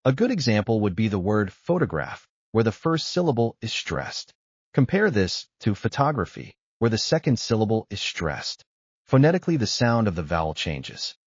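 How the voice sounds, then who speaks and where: A man narrating a scripted language lesson, explaining rules in a measured way. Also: fairly low pitch, big pitch swings, husky, dry recording, muffled recording. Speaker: language teacher.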